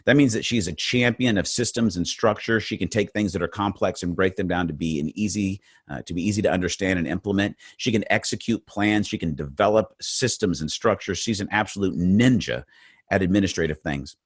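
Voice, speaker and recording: Male motivational speaker, middle-aged, very low voice, dry close sound; earnest webinar delivery with frequent repeated words. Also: a little fast, slightly rough, dry recording. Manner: earnest, repeats words while building points. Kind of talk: faith-based webinar talk.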